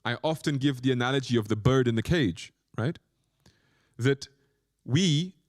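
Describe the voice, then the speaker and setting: A man, a monk, giving a spiritual lecture, telling stories and asking the audience questions, and slowing down to stress key points. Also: on the high side, dry recording, studio quality. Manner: animated storytelling with questions to the audience.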